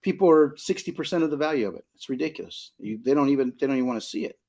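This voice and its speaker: Rapid-fire and lively in intonation, this man's medium-pitched voice has a darkish tone. He's a middle-aged Southern California card shop owner on a casual podcast, emphatic, repeating himself and asking "you know what I mean?"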